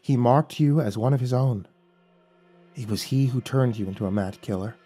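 A man voicing a gentle male angel messenger, speaking softly, solemnly and slowly in a dark, husky voice. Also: mid-range voice, soft background music, natural voice. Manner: soft, solemn, slow and pleading.

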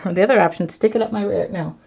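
A woman artist chatting to her live viewers as she works, excitable and self-mocking, laughing often. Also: mid-range voice, rapid-fire, gravelly, husky. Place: home art studio, indoors. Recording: dull lo-fi stream audio.

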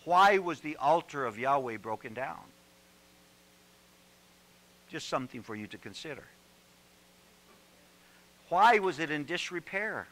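Forceful, animated male preacher. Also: a little high, moderate pace, pauses often, low-quality recording. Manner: animated, joking, repeats words when worked up. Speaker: pastor. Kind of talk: sermon.

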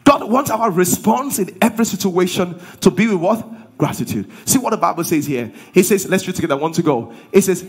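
A man's voice: high-pitched, expressive, fairly quick, slightly rough. A man preaching a sermon as pastor. He drives his points home with rhetorical questions and call-and-response.

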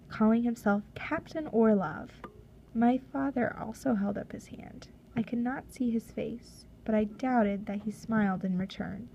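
A woman reading a storybook chapter aloud in a measured, steady narration. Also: a little high, vocal fry, highs cut off, a little hiss or hum. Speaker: audiobook reader.

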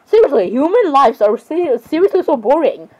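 High-voiced excitable teenage girl. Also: moderate pace, poor audio. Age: teens. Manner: rambling, dramatic, excitable. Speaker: gamer. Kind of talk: casual gameplay chatter.

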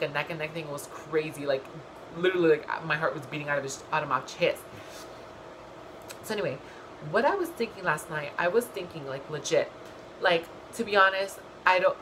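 A young woman talks straight to camera in a loose, gossipy recap, cursing freely and throwing in animated asides. Her voice sits a little low for a woman. A faint hiss of background noise runs under it. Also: poor audio. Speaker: vlogger. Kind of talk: casual reality-show recap.

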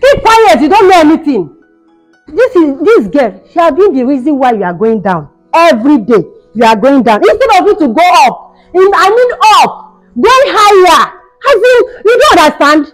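A woman's voice: high-pitched, very animated, normal speed. A woman acting a cruel, taunting mother-in-law in a home-made skit, shrieking and mocking. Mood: ranting. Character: cruel scolding mother-in-law, shrill and bullying. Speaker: actor in a skit. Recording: dull sound with faint music behind.

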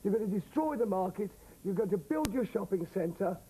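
A man's voice: high voice, expressive, brisk, dark tone, slight background noise, low-quality recording. A man in a studio audience angrily accusing panelists of lying. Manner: angry, accusing. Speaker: audience member.

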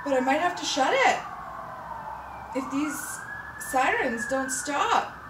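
A woman chatting casually to camera as a fashion vlogger, rambling and emotional, with bursts of excitement. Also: high-pitched, slow pace, noisy background. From Canada. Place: apartment room with door open, city sirens outside. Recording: roomy, mic at a distance. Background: faint city ambience.

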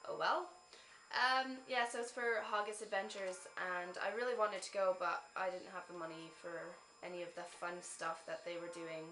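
A woman's voice: lowish voice, steady tone, moderate pace, sharp tone, reverberant, slight background noise, low-quality recording. A young woman from Canada in a casual vlog, chatting in a rambling way with lots of ums and laughs. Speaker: vlogger.

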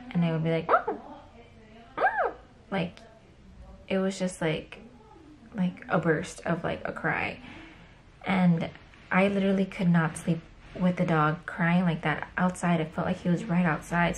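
A young woman with a fairly low voice tells a distressing story straight to camera as a vlogger, full of fillers and restarts. She sounds shaken and near tears, and a faint hiss sits under the recording. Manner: upset, tearful retelling with many fillers.

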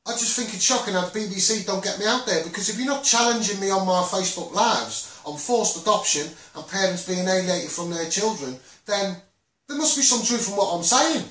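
Hosting a Facebook live, this Scouse campaigner from Liverpool speaks in a high, slightly bright voice, a little fast. His impassioned monologue is rambling and repetitive, full of restarts and "um"s. He's far from the mic in an echoey room.

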